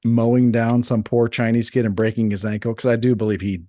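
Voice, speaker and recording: A man in his thirties co-hosting a podcast, telling crude, rambling, animated stories in casual banter. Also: mid-range voice, fairly quick, no room sound, clean studio sound. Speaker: podcast co-host.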